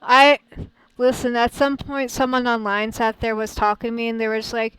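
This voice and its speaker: A young American woman streaming a visual novel as a VTuber, chatting in an animated, rambling way with frequent laughs and somewhat polite phrasing. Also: fairly high pitch, normal speed, smooth, dry recording, poor audio. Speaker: VTuber let's-play streamer. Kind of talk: casual game commentary.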